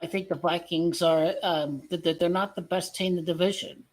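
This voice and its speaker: A man's voice: high-pitched, steady tone, fairly quick, low-quality recording. A man giving a casual football rant as a vlogger, blunt and profane, rambling with stumbling restarts.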